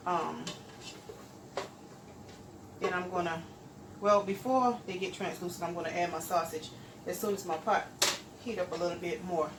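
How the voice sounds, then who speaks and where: A middle-aged woman, chatting homey and relaxed to viewers as she cooks in her kitchen. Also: on the low side, noisy background. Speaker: cooking channel host. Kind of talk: casual cooking vlog chat. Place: home kitchen.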